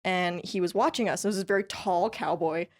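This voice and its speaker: Guesting on a podcast, a country fiddle player from California, USA talks fairly quickly in a fairly low-pitched voice. She tells stories with chatty, upbeat energy in a casual interview, laughing often and using plenty of "like" and "you know."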